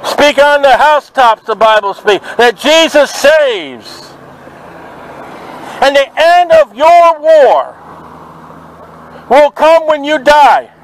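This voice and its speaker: High-pitched street preacher man, slow. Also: animated, rough recording. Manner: fervent, preachy, quoting scripture. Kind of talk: open-air street preaching. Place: outdoors at a farmers market.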